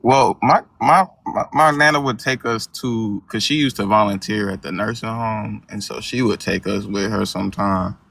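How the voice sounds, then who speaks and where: A man's voice: lowish voice, normal speed, vocal fry, few pauses, fairly bright tone. Young man, casual chat, joking, laughs often.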